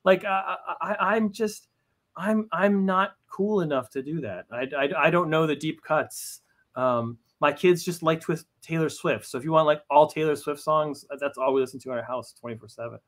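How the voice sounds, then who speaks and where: A man's voice: a little high, normal speed, fairly bright tone. A man chatting as a writer guest in an interview, with lots of stammered restarts and a self-deprecating way of talking. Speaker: comic book writer as guest. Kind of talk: casual interview chat.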